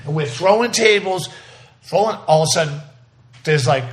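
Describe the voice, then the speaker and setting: A man's voice: on the high side, moderate pace. Profane man in his sixties, storytelling. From South Boston. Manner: profane, rambling, vivid retelling with many restarts. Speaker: interview guest. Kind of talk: casual storytelling interview.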